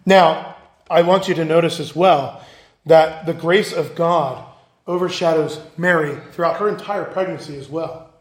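A man's voice: on the high side, measured pace, roomy sound. A male pastor giving a sermon, earnest and emphatic, asking his listeners questions.

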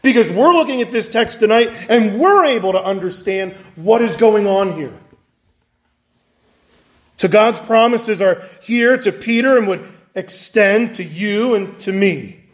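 A man's voice: high-pitched, lively intonation, unhurried. A man preaching a conversational evening sermon, acting out the voices of the people he quotes. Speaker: pastor.

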